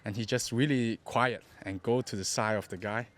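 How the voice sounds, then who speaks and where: A man's voice: medium pitch, fairly even intonation, normal speed. A young man from Hong Kong with a Cantonese accent, a podcast guest telling his story in broken English, often repeating words as he goes. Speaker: interview guest. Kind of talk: casual storytelling.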